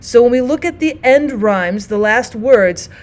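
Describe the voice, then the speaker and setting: Female teacher, fairly high pitch, patient classroom explainer who slows down to read poems. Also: animated. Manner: explains step by step, reads poems aloud slowly. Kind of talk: classroom lesson.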